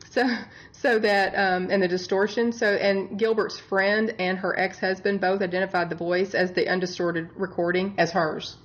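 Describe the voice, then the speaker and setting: A woman's voice: medium pitch, highs cut off. Chatty exasperated woman podcaster. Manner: chatty, exasperated, laughs often. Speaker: podcast co-host; bedside nurse. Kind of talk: casual true-crime chat.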